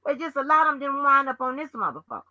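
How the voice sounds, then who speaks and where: A woman on her channel, scolding and cussing through a heated rant. Her voice is piercingly bright and tense. The sound is dull and lo-fi, very dry and close. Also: sits high, very animated, fast talker, no room sound. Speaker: channel host. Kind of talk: profane livestream rant.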